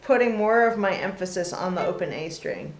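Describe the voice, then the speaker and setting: A woman teaching a casual fiddle lesson, relaxed and chatty with many pauses and fillers between playing. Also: lowish voice. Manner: relaxed, lots of ums, talks between demonstrations. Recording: roomy with loud fiddle playing.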